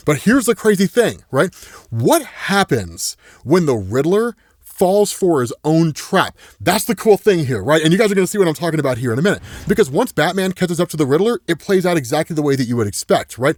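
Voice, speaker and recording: An excitable man recaps a comic story in a casual way, his pitch bouncing all over the place. His voice sits a little high. The recording is dry and close. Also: a little fast, no room sound. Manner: excitable, peppers speech with "right?". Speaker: comics explainer YouTuber.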